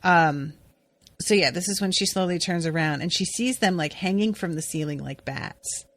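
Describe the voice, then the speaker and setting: A woman's voice: on the low side, moderate pace, no echo. A woman co-hosting a podcast, recapping a TV episode in casual, chatty talk full of "like" and the odd swear. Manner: chatty, swears, many "like" fillers. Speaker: podcast co-host.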